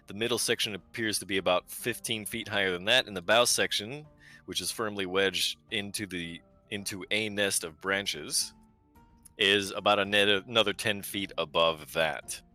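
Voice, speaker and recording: Bright-voiced man narrating as game master. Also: lowish voice. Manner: measured descriptive narration with casual asides.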